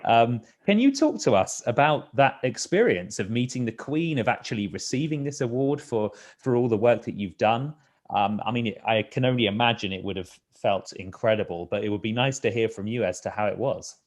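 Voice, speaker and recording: A man's voice: mid-range voice, animated, brisk. A man hosting an interview, asking questions with some hesitation and filler words. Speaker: interviewer host.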